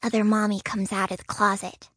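A woman narrating a novel in the first person of a young child, soft and quiet, on a close studio mic. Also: mid-range voice, flat delivery, a little fast, slightly rough, dry recording. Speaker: audiobook narrator. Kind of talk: scripted audiobook narration.

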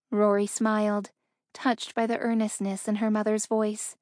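A woman narrates a romance audiobook in an even, measured way. Her voice is mid-pitched and the recording is close and dry. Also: no echo.

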